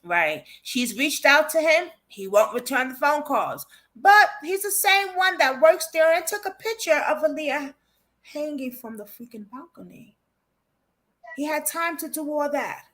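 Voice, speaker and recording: Bright-voiced woman hosting a call interview. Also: high voice, animated, unhurried. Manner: reacts often with short exclamations. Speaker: true crime channel host. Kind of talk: remote interview over a call.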